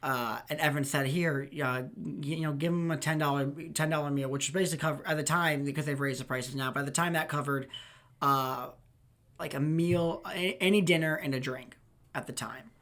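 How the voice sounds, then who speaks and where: A young man with a slightly high voice spins loose, rambling anecdotes, laughing and cursing as he goes. He slips into the voices of the people in his stories. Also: steady tone, brisk, a bit bright. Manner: rambling, laughing, swears, acts out quoted people. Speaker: podcast host. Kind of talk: casual storytelling chat.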